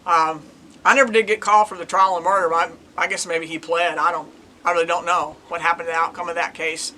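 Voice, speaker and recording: A man's voice: on the high side, little pitch movement, quick pace, sharp tone, slight background noise, low-quality recording. An older man, a retired police detective, casually telling a case story in a chatty, rambling way and retelling the dialogue. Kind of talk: casual true-crime storytelling.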